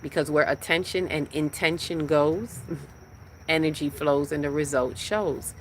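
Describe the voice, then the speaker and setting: Low-voiced woman preaching spiritual teachings. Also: unhurried, a little hiss or hum. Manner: rhythmic, repetitive preaching cadence. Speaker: spiritual livestream host.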